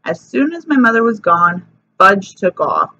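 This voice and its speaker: A woman reading a children's chapter book aloud in a lively, plain storytelling way. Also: mid-range voice, a little slow. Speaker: reader. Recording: slightly dull recording, faint hiss.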